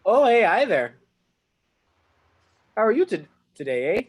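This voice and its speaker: A man voicing a brash, mouthy adventurer with a Canadian accent and a blustery, drawn-out delivery. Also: high voice, big pitch swings, breathy edge, pitched above the performer's own voice, full character voice. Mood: chummy.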